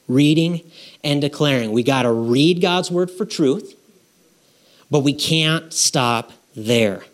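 A man preaching a conversational sermon, emphatic and repetitive, often checking in with his listeners. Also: on the high side. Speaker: pastor.

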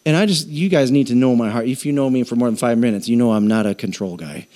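A middle-aged man preaching a conversational sermon on generosity, with jokes and animated asides. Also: medium pitch, fast. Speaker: pastor.

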